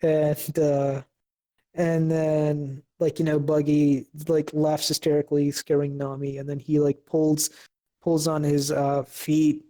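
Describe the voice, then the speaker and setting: A young man on a casual podcast walks through what happens in an episode. His voice sits a little high but stays flat, and he keeps stopping on "um" and "uh" and restarting his sentences. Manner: halting, many fillers and restarts. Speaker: podcast co-host.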